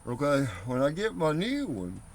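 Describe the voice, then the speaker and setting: A man's voice: fairly high pitch, huge pitch swings, normal speed, vocal fry, a little hiss or hum. A man filming a casual how-to video while working on his truck engine, slightly out of breath and rambling as he points things out. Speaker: home mechanic.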